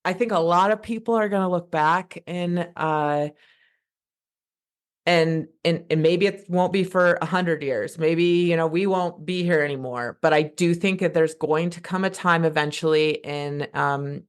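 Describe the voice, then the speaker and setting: A woman in her thirties, appearing as a podcast guest, talks passionately and fired up in casual conversation, rambling and often restarting her sentences. Her voice is fairly low, clear, and resonant, and she speaks a little slowly.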